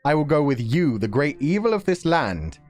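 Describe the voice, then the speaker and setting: A man's voice: a little high, very animated, normal speed, a little mellow, soft background music. A man voicing a cold, proud male immortal teacher who speaks in a stiff, solemn, mock-lofty way.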